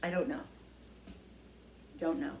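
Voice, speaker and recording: A woman talking casually to the camera in her home kitchen, chatty and quick to vent when annoyed. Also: deep voice, slight background noise. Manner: chatty, animated, prone to exasperated venting. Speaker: home cooking vlogger.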